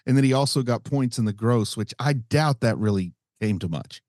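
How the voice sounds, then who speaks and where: A man's voice: medium pitch, animated, normal speed, a little mellow, dry recording, studio quality. A man co-hosting a movie podcast in casual chat, making wry jokes. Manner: wry, joking. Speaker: podcast co-host.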